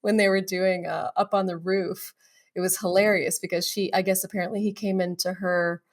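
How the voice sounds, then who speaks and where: A Canadian woman, a musical theatre actress, tells stories as a guest in an interview, her voice medium in pitch and her pace moderate. She's animated, now and then slipping into the voices of the people she quotes and breaking into laughter.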